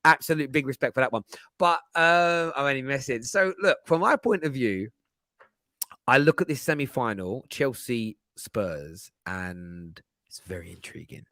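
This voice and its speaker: A London-accented man hosts a live football chat show stream, animated and jokey, reading out viewer comments in casual conversation. His voice is medium-pitched at normal speed, and the recording is dry and studio quality.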